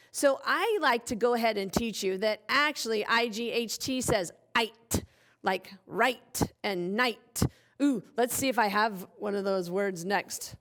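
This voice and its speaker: Slow, high-voiced playful woman teacher. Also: a bit bright. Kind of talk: children's phonics lesson.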